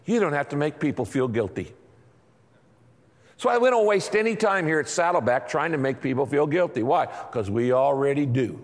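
A man preaching a sermon as pastor, telling stories in a lively way and acting out quotes. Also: a little high, normal speed, big-room sound. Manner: animated storytelling with acted-out quotes.

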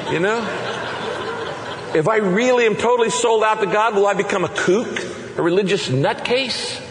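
A man preaching a sermon as a pastor, emphatic and full of rhetorical questions, shifting between fast bursts and slow stressed words. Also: high voice, a little hiss or hum. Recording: echoey large hall with long reverb.

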